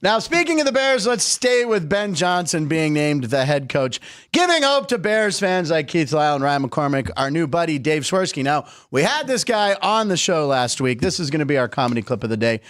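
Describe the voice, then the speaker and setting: A man hosting a sports comedy show, his voice a touch high and bouncing all over as he jokes. The sound is dry and close, with no room around it. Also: moderate pace, hardly any pauses, no room sound. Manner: jokey, animated, goofs with accents. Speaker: host. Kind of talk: casual sports chat.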